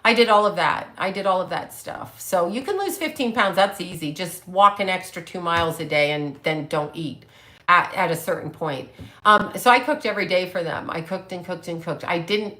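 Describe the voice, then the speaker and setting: A woman in her late fifties talks straight to her livestream viewers, blunt, brash and quick to swear at commenters. Her voice is bright and forceful, sitting a little low for a woman. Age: 50s. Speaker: psychic medium livestream host. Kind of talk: casual livestream chat reading comments.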